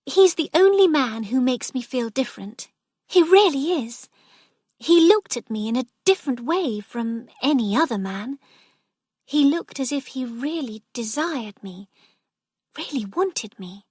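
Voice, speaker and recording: A dreamy, excited young woman, put on by a woman reading a storybook, whose eager voice climbs well above the reader's own. She speaks slowly and earnestly, recorded close and dry. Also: high-pitched, slightly rough, dry recording, pitched above the performer's own voice, full character voice.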